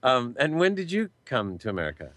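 A man hosting a talk show, enthusiastic and complimentary, with many halting fillers. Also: mid-range voice, huge pitch swings, fairly bright tone, no room sound.

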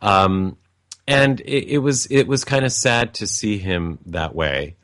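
A man's voice: fairly low pitch, slow, a bit bright, dry recording, clean studio sound. A man telling a personal family story in a reflective, meandering way, with frequent restarts and asides.

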